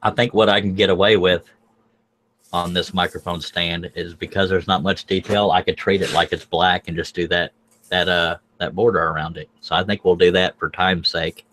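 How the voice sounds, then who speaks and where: A man's voice: sits low, little pitch movement, normal speed, a bit bright. A man hosting a live drawing tutorial, folksy and joking, thinking aloud as he works. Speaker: scroll saw pattern artist, livestream host.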